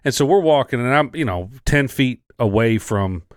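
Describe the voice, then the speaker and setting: A man's voice: mid-range voice, moderate pace, no room sound, clean studio sound. A man in his forties co-hosting a podcast, telling a story in casual, profane chat. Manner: profane storytelling, animated when quoting. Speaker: podcast co-host.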